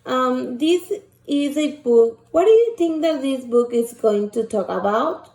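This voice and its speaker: Slow gravelly woman reading to kids. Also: high voice, expressive, dark tone, echoey room. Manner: slow, questioning, reads aloud to children. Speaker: teacher. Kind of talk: shared reading lesson for children.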